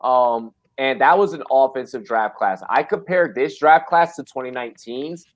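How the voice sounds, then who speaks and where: A man hosting a casual livestream chat from his back porch, talking in an excitable, profane, rambling way. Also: medium pitch, normal speed. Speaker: host.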